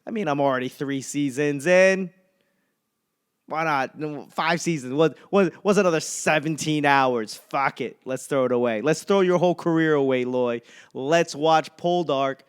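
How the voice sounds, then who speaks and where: A Boston-area stand-up comedian in his thirties hosts a podcast, his slightly high, clean-toned voice carrying a Boston accent at a moderate pace. He delivers a casual comedic monologue that's rambling and profane, with self-mocking asides.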